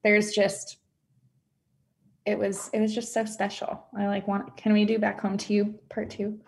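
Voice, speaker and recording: A woman's voice: medium pitch, monotone, unhurried, creaky, a little mellow. A woman, a former client appearing as a podcast guest over a video call, speaking in an effusive way and filling her talk with "like". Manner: effusive, says "like" often. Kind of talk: casual conversation.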